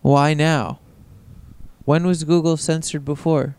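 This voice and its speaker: Gravelly, mellow man asking questions. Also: a little high, flat delivery, takes it slowly, no room sound. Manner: confused, questioning, laughs along. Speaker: podcast co-host. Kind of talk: casual chat.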